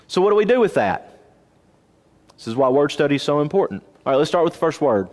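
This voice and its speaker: A man teaching a Bible class in a church auditorium, lively and questioning his listeners. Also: fairly high pitch, quick pace. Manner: animated, asks the class questions. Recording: long reverb of a church auditorium.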